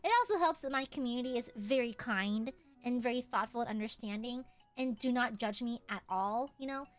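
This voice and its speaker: A young adult woman streaming casually to her chat, switching from soft heartfelt talk to loud swearing outbursts. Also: fairly high pitch, fairly quick, soft background music. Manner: excitable, swears, jumps from tender to shouting at chat.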